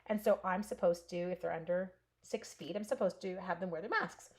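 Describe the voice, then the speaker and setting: A woman's voice: fairly low pitch, a little fast. A woman in her forties from Canada hosting a casual live stamping stream, telling a long story while cutting paper and answering viewers by name.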